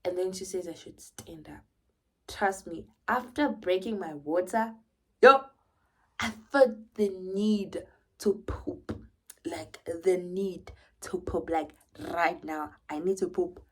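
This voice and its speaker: A young woman with a South African accent telling a personal story in an animated way, often dropping to a whisper. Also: lowish voice, takes it slowly. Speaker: vlogger.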